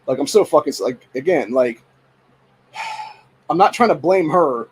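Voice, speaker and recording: Profane ranting man with a husky voice. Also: mid-range voice, expressive, unhurried, pauses often, low-quality recording. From Ohio, USA. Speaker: podcast host. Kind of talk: casual venting monologue.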